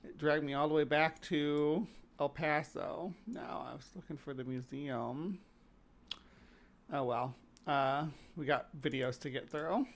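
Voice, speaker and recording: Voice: mid-range voice, unhurried. A live stream host from Missouri with a slight Southern accent, rambling casually with many fillers while reacting to videos.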